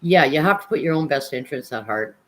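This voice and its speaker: A woman's voice: sits low, expressive, fast talker, poor audio. A woman hosting a livestream, giving earnest advice and repeating key words for emphasis. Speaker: livestream host. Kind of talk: heartfelt advice chat.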